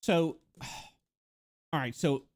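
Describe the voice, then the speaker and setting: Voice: medium pitch, extremely slow. A livestreamer in casual chat, rambling and joking with many fillers and laughs.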